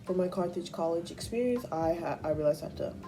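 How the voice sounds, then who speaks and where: A young woman vlogging a casual life update, chatty, acting out her conversations in squeaky high voices. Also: animated, fast talker, over loud music. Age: young adult.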